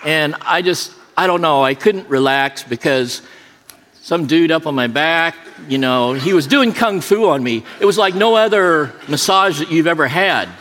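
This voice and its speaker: A man's voice: fairly high pitch, lively intonation, moderate pace, a bit bright, a little hiss or hum. A middle-aged man preaching as an associate pastor, mixing a sermon with joking, self-deprecating stories. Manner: jokey, self-deprecating anecdotes. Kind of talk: sermon with humorous storytelling. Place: church sanctuary. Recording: long reverb in a large church.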